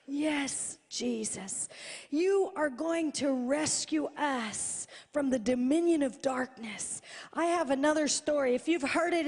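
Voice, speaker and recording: A woman preaching a sermon live, telling stories in an animated, repetitive way that swings between loud and hushed. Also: high voice. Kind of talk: sermon storytelling. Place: large church hall, live event. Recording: live in a reverberant hall.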